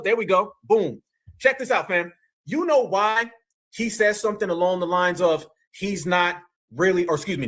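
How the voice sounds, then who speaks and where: A man's voice: high-pitched, fairly bright tone. A man from Ohio giving emphatic, preachy live-stream commentary and calling his audience "fam" and "family". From Ohio, USA.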